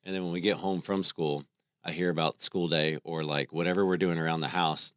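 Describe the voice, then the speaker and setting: A man in his thirties, a podcast co-host, telling stories about his family in a relaxed, conversational way. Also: sits low, fairly quick, clear, resonant tone, dry recording, studio quality. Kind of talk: casual faith conversation.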